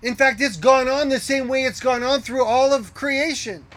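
A man preaching a sermon as pastor, earnest, asking rhetorical questions and dropping to hushed tones. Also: extremely high pitch, steady tone, moderate pace.

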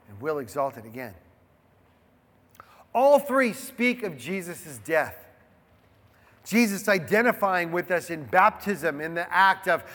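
A male pastor with a fairly high, fairly bright voice preaches a sermon in a casual, conversational manner, often turning to the congregation with rhetorical asides. The sound carries a big-room quality.

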